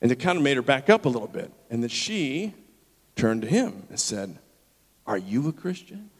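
A pastor telling a story in a sermon and acting out the people in it. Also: male voice, medium pitch, normal speed. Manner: animated, acts out the people in his story. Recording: long reverb of a large hall.

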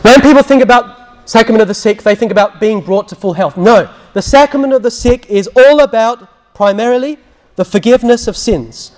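Brief: priest, high voice, teaching talk, lively storyteller who acts out quotes. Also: male voice, a little fast. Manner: storytelling, acts out quotes, drops to a hushed voice when recounting prayers. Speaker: Catholic priest.

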